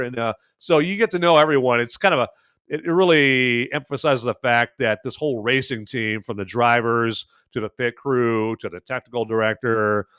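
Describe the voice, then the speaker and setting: A man hosting a podcast and reviewing a film in a loose, chatty way, with plenty of "uh"s and punchy asides. His voice is smooth and resonant, and it sits in a dry, close-miked sound with no room echo. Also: mid-range voice, fairly even intonation, normal speed, a bit bright. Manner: chatty, filler-heavy, emphatic asides. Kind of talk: casual spoken film review.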